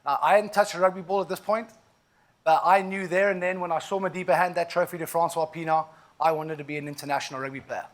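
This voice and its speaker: A man's voice: fairly high pitch, fairly even intonation, quick pace. A man of about forty with a South African accent, giving an inspirational keynote and telling his story in a vivid, emphatic way with frequent asides. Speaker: keynote speaker.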